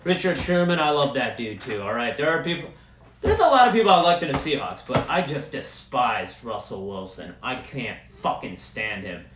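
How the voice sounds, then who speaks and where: A young man hosting a podcast, ranting casually and profanely as an excitable sports fan. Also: medium pitch, moderate pace, echoey room, a little hiss or hum. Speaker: podcast host. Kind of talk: casual solo rant.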